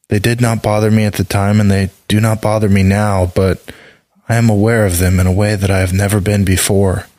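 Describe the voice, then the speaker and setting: A man narrating a dark fairy tale in the first person, measured and calm. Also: on the low side, no echo. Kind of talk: scripted narration.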